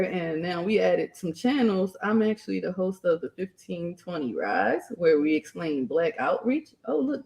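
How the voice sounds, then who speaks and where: A woman's voice: mid-range voice, gravelly, a little mellow. A young adult woman, chatting casually on a live stream, laughing often and raising her voice when quoting herself. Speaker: streamer and channel host.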